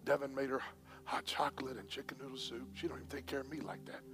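A man preaching a sermon as pastor, swinging between hushed whispers and shouts, with faint music behind. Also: mid-range voice, quick pace. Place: church.

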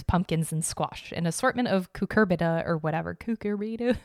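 A woman's voice: fairly low pitch, dry recording, clean studio sound. A young woman hosting her own podcast, rambling in a casual, giggly, self-deprecating way and swearing now and then. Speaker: podcast host.

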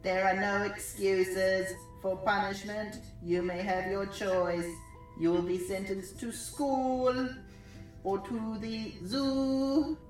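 A woman voicing a cold, commanding robot judge who hands down sentences in slow, flat pronouncements. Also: mid-range voice, roomy sound, far from the mic, faint music behind, voice pushed down, natural voice, rough recording. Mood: stern.

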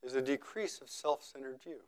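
Calm male meditation teacher, trailing off softly. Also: medium pitch. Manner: slow, measured, repeating phrases for emphasis; voice often trailing off quietly at phrase ends. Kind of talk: contemplative dharma talk.

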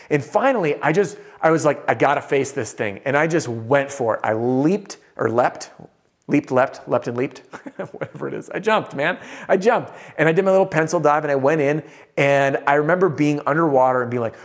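Guy doing a motivational sales coach talk, storytelling, gets animated, speeds up and slows down a lot. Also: on the high side. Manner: animated, storytelling, pace shifts often.

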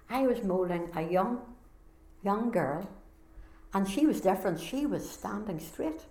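This Northern Irish woman speaks at medium pitch with a somewhat dark tone. She's a conference speaker offering sincere, heartfelt testimony from her own life, and the conference hall gives the audio an echo.

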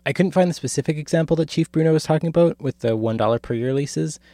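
A man hosting a podcast, speaking in measured, reflective scripted narration. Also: fairly high pitch, dark tone, no room sound. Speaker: podcast host.

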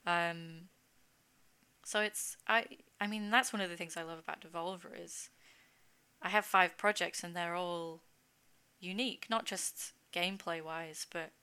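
Woman podcast guest, bright and crisp voice, chatty and self-deprecating. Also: fairly low pitch. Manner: chatty, self-mocking, laughs often. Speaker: guest, game producer. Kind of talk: casual podcast chat.

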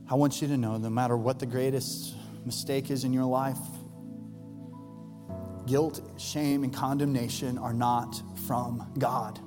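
A man pastor delivering an Easter sermon, earnest and emphatic, rising to loud peaks and dropping soft for tender lines. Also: medium pitch, steady tone, a little slow. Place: large church hall. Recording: live church hall with long reverb and soft music.

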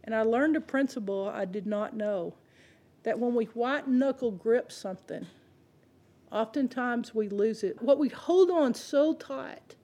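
A woman preacher with a fairly high voice, delivering a sermon. She talks straight to her listeners in a relaxed, conversational way, mixing scripture with funny personal stories. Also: a little slow. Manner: humorous storytelling with chuckles; conversational, addresses the congregation directly.

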